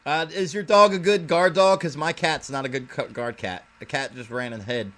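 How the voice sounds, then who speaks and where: A man's voice: a little high, normal speed, a bit bright, a little hiss or hum. A man hosting a casual internet radio show, rambling and profane, laughing often.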